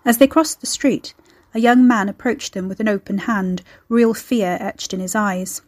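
A woman narrates her serial fiction in a close, dry reading. Her voice is mid-pitched, and she is expressive, taking on every character herself. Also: normal speed, dry recording. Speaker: audiobook narrator.

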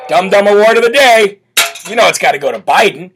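A man's voice: sits high, expressive, brisk, fairly bright tone, soft background music. A man hosting a political talk show, brash and sarcastic in his opinionated solo commentary.

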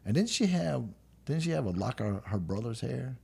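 A man's voice: mid-range voice, sing-song, moderate pace, creaky, a little mellow, slightly rough. A man in his forties with a Southern US accent, co-hosting a casual podcast chat, rambling through stories and laughing often. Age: 40s. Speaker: podcast co-host.

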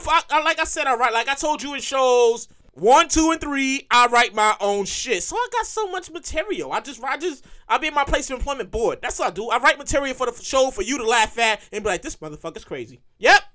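A woman hosting a comedy podcast, ranting in a profane, animated monologue and repeating lines for emphasis. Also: high-pitched, brisk. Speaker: podcast host and comedic writer.

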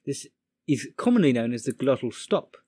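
A man casually reading a pronunciation guide aloud to friends, halting and restarting as he goes. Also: medium pitch, big pitch swings, mellow, no room sound.

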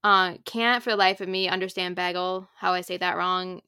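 Casting: Minnesotan-accented woman, podcast co-host, bright tone, dry close sound, filler-heavy casual chat. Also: lowish voice, steady tone, normal speed, smooth, dry recording. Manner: chatty, lots of "like" fillers.

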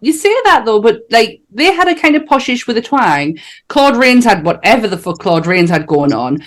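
A woman's voice: a little high, very animated, moderate pace. A woman co-hosting a casual film chat, blunt and mocking. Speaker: podcast co-host.

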